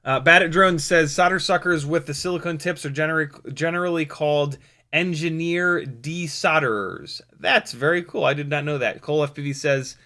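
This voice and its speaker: A man's voice: on the high side, moderate pace, sharp tone. An American man hosting a drone live stream, chatting casually and reading viewer comments aloud, with many ums and restarts. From United States.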